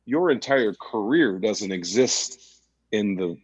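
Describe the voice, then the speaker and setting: A man's voice: lowish voice, expressive, takes it slowly, breathy edge, no room sound. A man hosting a live-stream chat, asking rambling, friendly questions. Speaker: host. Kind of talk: casual chat.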